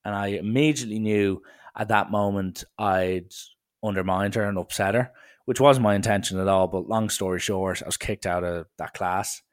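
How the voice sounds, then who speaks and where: A man's voice: fairly low pitch, steady tone, moderate pace, clean tone. A young Irish man telling a rambling, self-mocking story about his school days in a casual way.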